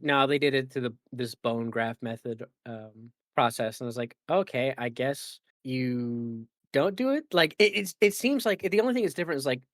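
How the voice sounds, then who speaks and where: A man's voice: medium pitch, a bit bright, dry recording, clean studio sound. A man hosting a casual gaming podcast, rambling with lots of fillers and restarts. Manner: rambling, filler-heavy and self-correcting. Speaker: podcast host.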